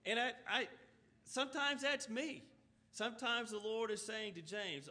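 A man's voice: sits high, a little slow, bright, forceful tone. A man preaching a sermon, reading scripture aloud and explaining it earnestly, with runs of rhetorical questions. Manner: reads scripture aloud and then explains it in plain talk.

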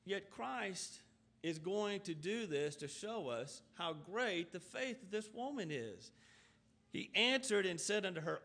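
A man's voice: high-pitched, unhurried, bright, forceful tone. A man preaching a sermon, reading scripture aloud and explaining it earnestly, with runs of rhetorical questions. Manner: reads scripture aloud and then explains it in plain talk.

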